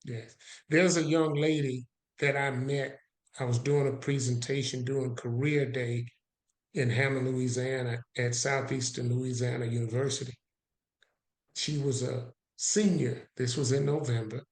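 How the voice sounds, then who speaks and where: A man with a medium-pitched voice telling a story as a podcast guest. He acts out both sides of the conversations he recounts. The recording carries a noticeable roomy echo. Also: little pitch movement, unhurried.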